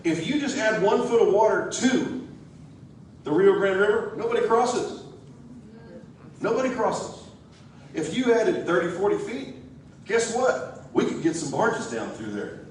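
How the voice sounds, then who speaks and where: A man's voice: sits high, very animated, moderate pace, a little hiss or hum. A man giving a folksy, joking, rousing campaign speech to a crowd in a church hall. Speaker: political candidate. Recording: echoey hall, distant mic.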